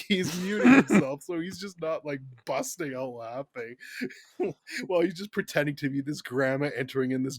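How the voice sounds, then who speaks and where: Animated man hosting a casual podcast. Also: medium pitch. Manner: animated, enthusiastic storytelling with laughs. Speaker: podcast host. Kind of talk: casual chat.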